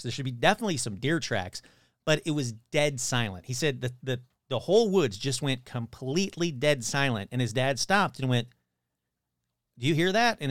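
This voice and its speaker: A man's voice: mid-range voice, no room sound, clean studio sound. A man casually retelling a story he heard, acting out the voices of the people in it with loose, swearing talk. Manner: animated retelling, acts out quoted voices.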